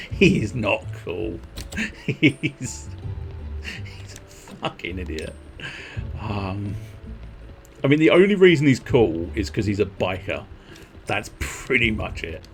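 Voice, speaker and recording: A man's voice: mid-range voice, very animated, moderate pace, soft background music. A man streaming a game, rambling and mocking himself in casual chat. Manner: rambling, self-mocking, giggly.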